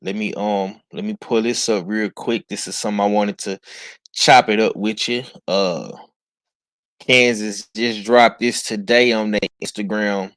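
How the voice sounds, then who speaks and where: A man hosts a loose sports chat in a relaxed, drawling way and often repeats his words. His voice sits fairly low. The recording is dry and close. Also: measured pace, no echo. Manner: laid-back, drawling, repeats himself. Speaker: host.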